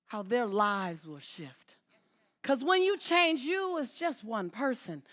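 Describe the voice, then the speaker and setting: A woman's voice: a little high, sing-song, slow pace, fairly bright tone. A woman giving an inspirational stage talk as a motivational speaker, emphatic, repeating words and calling out to her audience.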